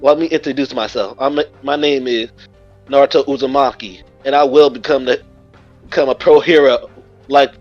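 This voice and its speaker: A man's voice: mid-range voice, steady tone, normal speed, darkish tone, faint music behind, natural voice. A man voicing a brash, cocky teen boy ninja hero in a casual, boastful storytelling voice, on a muffled recording.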